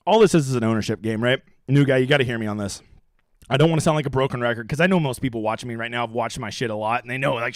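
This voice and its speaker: A man's voice: medium pitch, no room sound, clean studio sound. A brash young man hosting a profane, rambling live stream about fantasy golf strategy.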